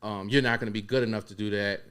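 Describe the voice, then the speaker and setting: A man who works as a barber and DJ, talking earnestly in casual chat, often halting and repeating words as he makes his point. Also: fairly low pitch, fairly even intonation, a bit bright, smooth.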